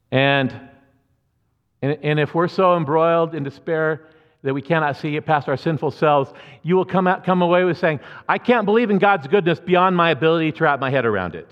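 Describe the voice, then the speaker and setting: A man's voice: a little high, expressive, moderate pace. Male pastor, sermon, conversational, earnest, reverberant sanctuary, muffled recording. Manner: conversational, earnest, frequent restarts and asides. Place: church sanctuary. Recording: muffled church hall reverb.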